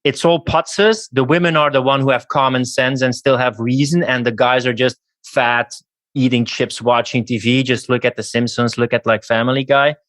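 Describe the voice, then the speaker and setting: A man's voice: medium pitch, fairly even intonation, moderate pace, a bit bright. A man on a podcast ranting scornfully in casual chat.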